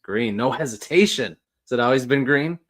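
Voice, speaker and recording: Male show host, relaxed and easygoing, quick short reactions, heard over a video call. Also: medium pitch. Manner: laid-back, quick short reactions and chuckles. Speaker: podcast host. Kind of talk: casual live interview.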